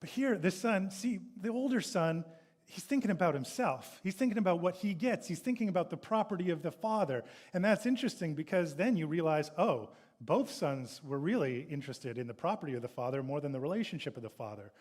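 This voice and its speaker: A man's voice: a little high, animated, brisk, darkish tone. A male pastor preaching a sermon, reading scripture and retelling it, sometimes acting out the characters' complaints. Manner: reads scripture then retells it, acting out the sons' complaints in a raised voice.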